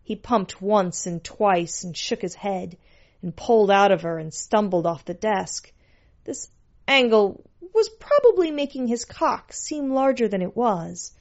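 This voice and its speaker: A woman reads a story aloud in a dry, sardonic manner. She takes it very slowly, at a mid pitch, and the recording sounds dull and lo-fi. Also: a little mellow. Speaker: narrator. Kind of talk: scripted story narration.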